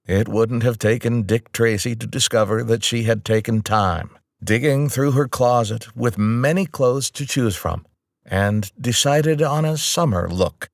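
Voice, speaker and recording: A man's voice: medium pitch, creaky, no room sound, clean studio sound. A man reading a novel aloud as a first-person audiobook narrator, in a plain, conversational storytelling manner.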